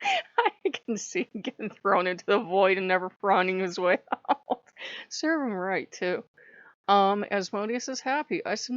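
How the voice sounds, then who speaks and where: A woman hosting a casual spiritual vlog, telling stories in an animated, profane way and laughing often, on a dull lo-fi mic. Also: medium pitch, measured pace, dry recording. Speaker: channel host.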